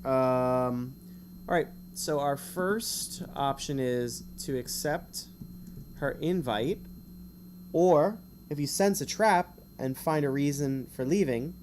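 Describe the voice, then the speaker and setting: A man's voice: mid-range voice, darkish tone, slight background noise. Chatty man reading a gamebook on stream. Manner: chatty, rambling asides, quick to laugh at himself. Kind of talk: casual stream narration with asides.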